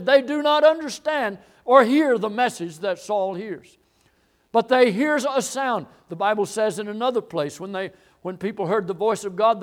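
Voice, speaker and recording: A high-pitched man preaching a sermon and working through a Bible passage. He repeats phrases for emphasis. He builds up to loud, ringing declarations. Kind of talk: sermon, expository Bible teaching.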